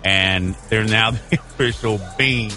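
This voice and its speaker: Bright-voiced sports radio host. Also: male voice, on the low side, a little slow, faint music behind. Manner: upbeat, joking.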